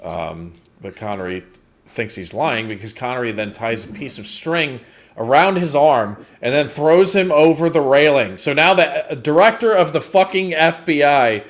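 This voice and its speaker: A man's voice: a little high, lively intonation, normal speed. A man co-hosting a movie review podcast in casual chat, rambling, laughing often and swearing freely.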